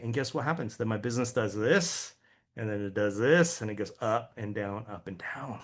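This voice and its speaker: A man's voice: fairly low pitch, normal speed. A man giving a conversational training talk to real estate agents, chatty and often checking in with listeners, stumbling and repeating words as he goes. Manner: chatty, keeps asking "right?".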